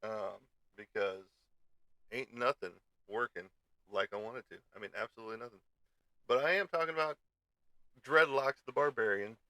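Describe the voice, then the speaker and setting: A man's voice: medium pitch, normal speed, bright, forceful tone, dry recording. A man hosting a casual live stream, grumbling and swearing in frustration at his misbehaving computer. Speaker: show host.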